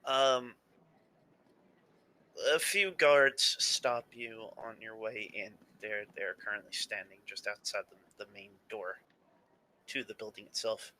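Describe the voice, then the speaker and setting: Brief: young male game master, bright tone, stop-start scene narration. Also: fairly low pitch, slight background noise, low-quality recording. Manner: halting, many fillers and restarts.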